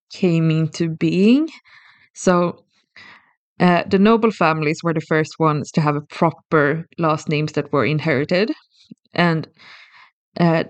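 A mid-range voice comes through in a dry recording with no room sound. The co-host works through a subject in casual podcast conversation, thoughtful and methodical, often starting a phrase over.

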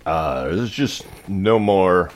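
A man co-hosting a podcast, delivering puns slowly with many hesitations. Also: deep voice, expressive. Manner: slow, hesitant with many uhs. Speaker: podcast co-host. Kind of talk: casual pun-swapping chat.

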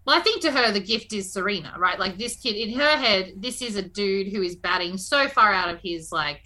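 A woman's voice: mid-range voice, lively intonation, a little fast, bright, forceful tone, poor audio. A woman co-hosting a casual podcast, chatty, trailing off and swearing casually. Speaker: podcast co-host. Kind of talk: casual chat.

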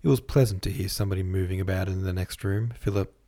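A man reading a classic novel aloud as a podcast host, in measured literary narration. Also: sits low, steady tone, dark tone. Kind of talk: scripted narration.

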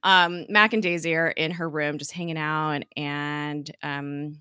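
A woman's voice: sits low, fairly even intonation, measured pace, bright, forceful tone, smooth, dry recording, clean studio sound. A woman host chatting casually through a TV episode recap, giggling often and filling with "like". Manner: giggly, chatty, lots of "like" fillers. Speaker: podcast host.

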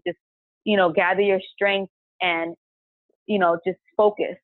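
A woman's voice: medium pitch, fairly even intonation, a little fast, no room sound. A woman guest on a podcast telling her own story in a chatty way, filling her talk with "like" and acting out what she said at the time. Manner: chatty, heavy use of "like", retells her own past words aloud. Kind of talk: casual personal storytelling. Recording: tinny phone-line sound, dry.

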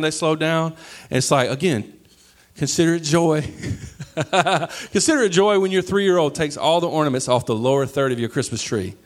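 A man in his thirties preaching a sermon, animated, sometimes breaking into high yelling as he acts out stories. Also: normal speed. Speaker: pastor.

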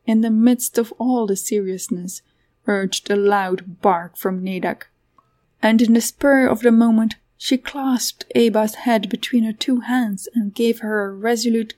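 A woman's voice: mid-range voice, mellow. A woman narrating a fantasy story aloud, giving the characters voices of their own. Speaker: audiobook narrator.

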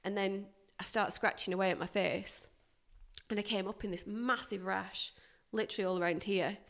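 A woman, a guest recounting a hard workplace experience in a candid, animated way. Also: mid-range voice, moderate pace, vocal fry. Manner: animated, emphatic retelling with bursts of loudness. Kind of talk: candid personal storytelling.

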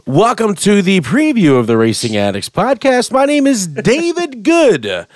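A man hosting a casual podcast, playful and jokey, sometimes bursting into shouts. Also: high voice, wildly swooping pitch, moderate pace, dry recording, clean studio sound, soft background music. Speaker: podcast host.

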